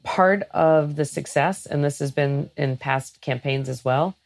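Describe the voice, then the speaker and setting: A woman sits for a casual interview about running a sailing program. She has a low voice with a gravelly edge. She tells lively stories and acts out the things people say to her. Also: unhurried. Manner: lively storyteller who acts out what others say. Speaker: guest, head of a sailing program.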